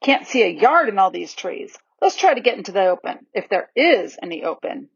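A woman voicing Peter, the steady eldest schoolboy, in a raised, exclaiming voice, in a dull, dry recording. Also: mid-range voice, brisk, creaky, slightly rough, dry recording, heavily acted.

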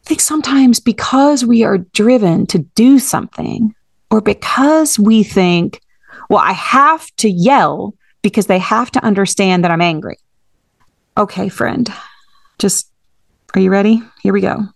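A woman's voice: medium pitch, measured pace, vocal fry, no room sound, studio quality. A woman hosting a solo podcast as a therapist, talking straight to the listener and calling them friend. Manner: warm direct address, calls listener friend.

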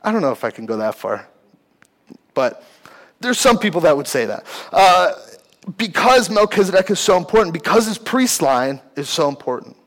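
A young man preaching a relaxed sermon to a youth group from the stage of a church. His voice sits a little high for a man, and he talks in a loose, conversational way, full of "like" and quick restarts. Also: poor audio. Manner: conversational, uses many fillers like "like". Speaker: youth pastor. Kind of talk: casual sermon. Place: church hall, speaking from a stage.

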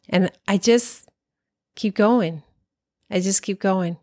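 Slow, calm woman teaching meditation. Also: mid-range voice, no echo, studio quality. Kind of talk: guided meditation talk.

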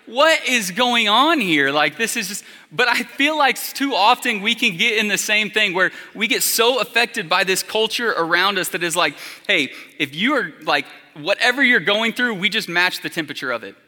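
A man's voice: sits high, expressive, normal speed, hardly any pauses, sharp tone. A man in his thirties preaching a sermon as a pastor, telling stories in a casual, conversational way with lots of fillers. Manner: conversational storytelling with many fillers. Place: church hall. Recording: long hall reverb.

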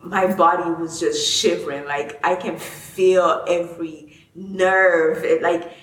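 A woman's voice: lowish voice, steady tone, slow pace, fairly bright tone, reverberant, low-quality recording. A woman hosting a casual talk, speaking expressively and addressing her viewers directly. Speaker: host.

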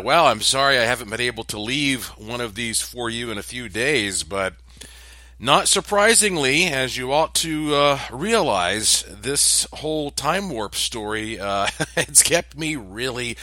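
A man's voice: medium pitch, animated, a little slow, bright, forceful tone, no echo. A man hosting his own daily video update, talking in a chatty, rambling way with many fillers and restarts. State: voice strained from overuse. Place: home condo in a high building.

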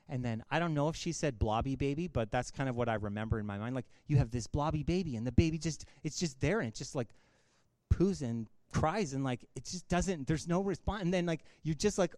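A male pastor in his thirties gives a sermon in a loose, conversational way, full of asides and little laughs. His voice sits high for a man. The sound is dry and close, with no room around it. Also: brisk, darkish tone, no room sound. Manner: casual, conversational preaching with filler words and laughter.

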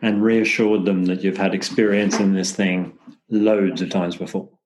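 A man with a very deep voice who joins in with short, agreeable answers. He speaks in a relaxed, conversational way. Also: normal speed, a little hiss or hum, low-quality recording. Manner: brief, agreeable replies. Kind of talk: casual conversation.

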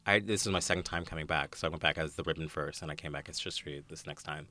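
An American man in his thirties, a guest actor telling stage stories in a casual interview, animated and often laughing. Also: a bass voice, fast. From United States. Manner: animated storyteller, acts out quoted voices, laughs often.

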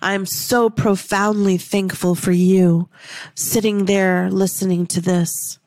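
A woman's voice: mid-range voice, little pitch movement, slow pace, darkish tone, dry recording. Dry-voiced motivational woman podcast host. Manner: emphatic, repetitive, heartfelt, swears casually. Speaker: podcast host, manifestation coach.

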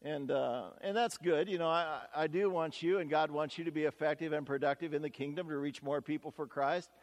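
A man's voice: on the high side, steady tone, brisk, in a large hall. A man preaching a sermon as pastor, talking in a conversational, folksy way with stories and asides.

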